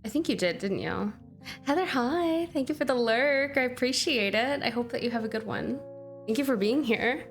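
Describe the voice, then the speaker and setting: A woman's voice: high-pitched, fairly bright tone. A young woman streaming a game who chats casually and bubbly with her viewers, thanking them by name. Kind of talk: casual livestream chat.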